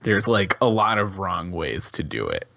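A man co-hosts a casual tech podcast in a very deep, gravelly voice. He talks haltingly and seems amused at himself. The audio is dull and lo-fi. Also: sing-song, sharp tone. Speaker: podcast co-host.

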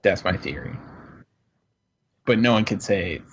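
A man's voice: low voice, animated, a little slow, lo-fi sound, a little hiss or hum. A man chatting on a podcast, rambling and hedging through his answers with self-deprecating humor. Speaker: podcast co-host. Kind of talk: casual podcast chat.

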